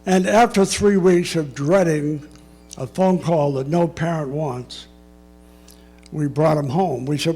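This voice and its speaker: An older man speaks in a measured, reflective way, slipping in the occasional dry aside. His voice sits a little higher than most men's, with faint music underneath. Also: dark tone, breathy edge. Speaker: public speaker. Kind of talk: personal storytelling talk.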